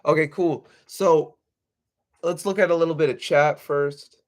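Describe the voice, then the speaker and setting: A man's voice: on the high side, steady tone, a little slow. A young man hosting a livestream, rambling casually with swearing and slang. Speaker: livestream host.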